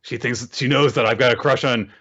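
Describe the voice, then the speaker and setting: A man co-hosting a casual recap podcast, explaining plot points and correcting details in a measured way. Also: medium pitch, fairly even intonation, pushed and bright, highs cut off. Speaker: podcast co-host.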